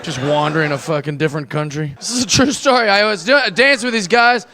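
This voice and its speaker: A man's voice: sits high, quick pace, sharp tone. A man doing a stand-up set, telling profane stories brashly and acting out the people in them. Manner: brash, profane storytelling with quoted voices. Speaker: stand-up comedian. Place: comedy club stage. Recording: live club recording with audience noise. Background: audience laughter.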